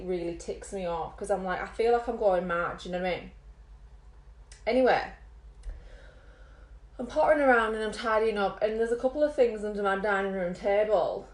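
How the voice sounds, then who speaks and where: Chatty woman in an echoey room. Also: medium pitch. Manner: animated, rambling, lots of fillers. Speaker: makeup vlogger. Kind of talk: chatty storytelling. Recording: roomy echo.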